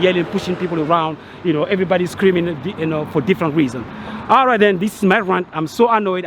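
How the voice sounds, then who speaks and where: Agitated male vlogger, high-pitched, exasperated rant outdoors with faint street noise. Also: fairly bright tone. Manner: exasperated, repeats himself, stumbling restarts. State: agitated, annoyed. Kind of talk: angry rant to camera.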